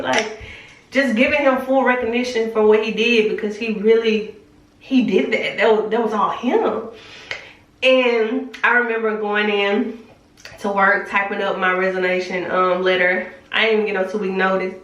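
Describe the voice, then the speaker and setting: A woman's voice: mid-range voice, fairly even intonation, normal speed, fairly bright tone, distant mic. A young woman telling a personal faith story in a candid, chatty way, full of fillers. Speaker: vlogger. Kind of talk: casual storytelling testimony. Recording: roomy echo, speaking from off the mic.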